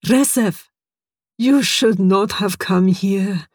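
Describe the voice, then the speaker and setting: Rich: A gaunt, haunted survivor, voiced by a male storyteller, speaking in a slow, sorrowful and grave way. The words come out unhurried and heavy, in a dry audiobook read. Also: high voice, no echo. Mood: sad.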